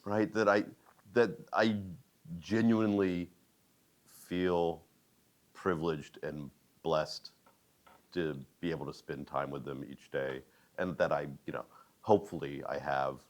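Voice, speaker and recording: Deep voiced guy teacher, wry and reflective, kinda joking at himself. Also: unhurried, long pauses. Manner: thoughtful, wry, self-deprecating. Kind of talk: reflective interview answer.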